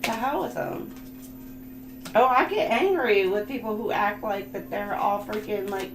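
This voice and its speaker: A woman's voice: mid-range voice, unhurried, noisy background. A woman doing a livestream tarot reading, chatty, emphatic and blunt. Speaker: tarot reader. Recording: echoey room with music behind. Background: background music.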